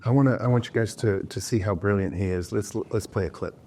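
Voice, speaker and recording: Low-voiced male talk show host. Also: fast talker, darkish tone, slight background noise. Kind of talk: interview questions.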